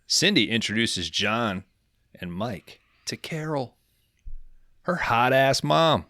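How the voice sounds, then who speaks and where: Profane, bright-voiced podcast guy. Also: mid-range voice, expressive, no echo, studio quality. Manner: profane, rambling, acts out characters in quick voices. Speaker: podcast co-host recapping a film. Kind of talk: casual comedic movie recap.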